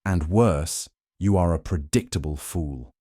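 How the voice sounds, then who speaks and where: Man reads a cool, cutting detective, precise and clipped, low dry voice. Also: normal speed, mellow, no echo, natural voice. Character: cool, sharp-witted male detective.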